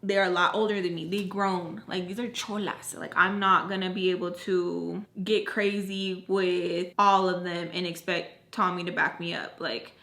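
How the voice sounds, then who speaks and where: Animated young woman telling a storytime in an echoey room. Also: on the low side, a little slow, hardly any pauses. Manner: animated, profane, acts out quotes. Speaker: beauty vlogger telling a story. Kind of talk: casual storytime chat.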